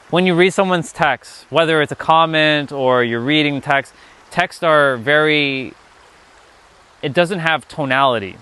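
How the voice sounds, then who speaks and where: A man's voice: fairly high pitch, a bit bright, clean tone. A young man giving a casual live-stream talk as a spiritual teacher, rambling and restarting his sentences often.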